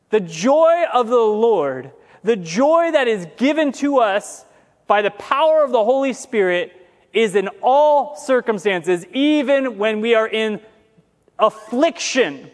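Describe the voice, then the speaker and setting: A male pastor giving a casual, conversational sermon with humorous asides, slowing down to read scripture. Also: very high voice, expressive, in a large hall.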